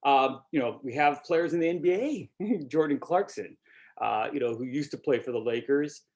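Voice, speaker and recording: A man's voice: medium pitch, normal speed, darkish tone. Chatty middle-aged man presenting online. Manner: conversational, peppers speech with "you know" and "right?". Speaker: workshop presenter.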